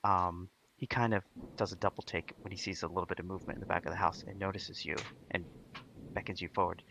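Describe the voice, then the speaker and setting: A man narrating as game master of a tabletop role-playing game, halting and full of restarts. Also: low voice, level tone, vocal fry, sharp tone, a little hiss or hum.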